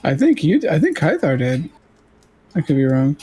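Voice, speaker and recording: A man playing a tabletop role-playing game, talking slowly and hesitantly with many fillers. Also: fairly high pitch, wildly swooping pitch, warm tone, breathy edge. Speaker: player.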